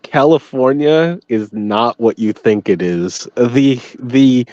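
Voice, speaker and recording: A man's voice: fairly low pitch, takes it slowly, hardly any pauses, dark tone, no room sound. Blunt, laughing man with Massachusetts accent. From Massachusetts, United States. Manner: laughs often, blunt and profane. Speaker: guest. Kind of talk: casual livestream chat. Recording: dry, dull lo-fi audio.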